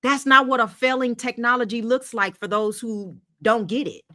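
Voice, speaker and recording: Bright-voiced woman livestream host. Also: a little high, normal speed. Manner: emphatic, rhetorical questions, repeats herself. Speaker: host of a crypto investing livestream. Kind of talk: live stream talk reading chat comments.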